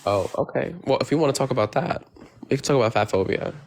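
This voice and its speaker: A man speaking as a guest on a casual live stream, with a voice pitched in the middle range. He is playful and talkative, laughing easily as the conversation moves along. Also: animated, fast, creaky, darkish tone. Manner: chatty, playful, laughs often.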